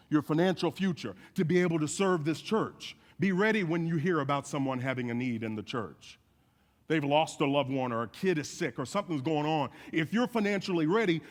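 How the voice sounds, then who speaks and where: Man preaching in an echoey hall. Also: a little high. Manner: animated storytelling with folksy asides. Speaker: guest speaker. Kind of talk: sermon. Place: church sanctuary.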